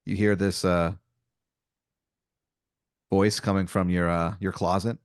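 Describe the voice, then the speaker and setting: Young man, low voice, rambling improv storyteller, filler-heavy, dry close sound. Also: little pitch movement, clear, resonant tone, no room sound. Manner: rambling, many fillers and mock-dramatic pauses. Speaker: podcast co-host telling an improvised scenario.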